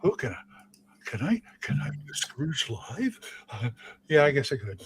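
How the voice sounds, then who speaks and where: A man's voice: mid-range voice, very animated, unhurried, a bit bright, husky. A man chatting casually on a live show, telling rambling stories about his stage acting with many restarts. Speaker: regular of a live chat show, stage actor. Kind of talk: casual chat.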